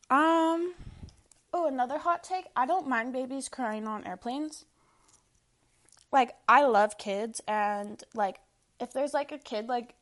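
A young woman hosting a casual monologue of opinions, blunt and profane, filling nearly every phrase with "like". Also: a little high. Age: young adult. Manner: blunt, profane, filler-heavy with constant "like". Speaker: podcast host. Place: Washington State.

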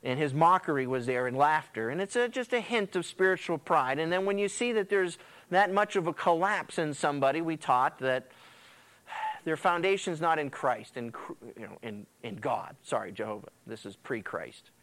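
Animated preacher with a smooth, fairly high voice. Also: male voice, moderate pace. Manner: animated storytelling preacher, acts out quotes. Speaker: pastor. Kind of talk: sermon.

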